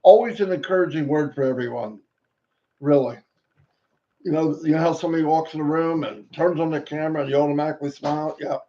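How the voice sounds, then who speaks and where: A man hosting a live stream, greeting viewers one by one with playful, sing-song shout-outs and little rhymes. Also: on the high side, fast talker. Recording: dull lo-fi stream audio.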